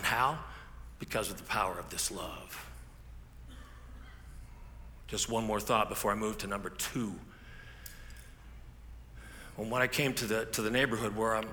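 A man's voice: lowish voice, pushed and bright, slight background noise. A man preaching a sermon as a pastor, telling stories in a conversational way with frequent restarts. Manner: conversational storytelling with repeated restarts. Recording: echoey hall with faint ambience.

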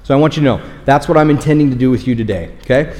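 A pastor with a mid-range, slightly mellow voice preaches a sermon at a rapid-fire pace. He's candid and conversational, frequently checking in with the congregation by asking "okay?", and the church auditorium gives a long hall reverb.

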